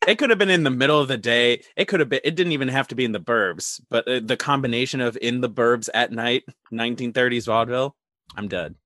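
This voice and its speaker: Bright-voiced joking man, dry sound. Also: mid-range voice, no room sound. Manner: joking, quick wisecracks. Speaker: podcast guest. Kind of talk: casual movie podcast chat.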